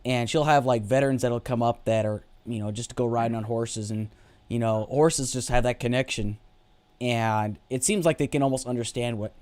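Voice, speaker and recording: A man hosting an interview, speaking earnestly and haltingly with many fillers. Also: mid-range voice, darkish tone, clean tone. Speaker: host. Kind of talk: casual interview chat.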